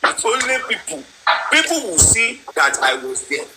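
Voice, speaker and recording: A man's voice: high-pitched, sing-song, moderate pace. A man in a heated online group discussion, insistent, repeating himself and talking over others. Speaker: live-stream participant. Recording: noisy online call audio.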